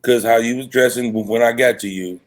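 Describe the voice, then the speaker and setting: Male livestream dating coach, middle pitch; casual, blunt, rambling delivery with lots of asides. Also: fairly even intonation. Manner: loose and rambling, frank, quick asides and self-corrections. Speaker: dating coach hosting a live show. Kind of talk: casual livestream chat, reading viewer comments.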